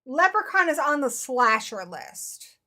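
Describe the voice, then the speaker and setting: A woman with a high, bright voice hosts a casual livestream. She chats quickly and reacts to viewers, calling out their names as she reads comments. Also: very animated. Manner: chatty, quick to react, talks to viewers by name. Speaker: livestream host.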